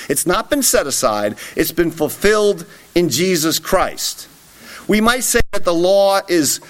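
A man's voice: high voice, a bit bright. A man preaching an expository sermon, emphatic and often checking in with a rhetorical "right?".

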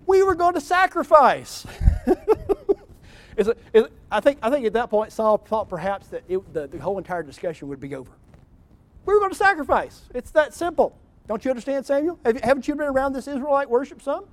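A man's voice: extremely high pitch, big pitch swings, brisk, voice pushed up. A man doing a smug boastful king. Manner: smug, preening, mock-pious. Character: boastful self-justifying male king.

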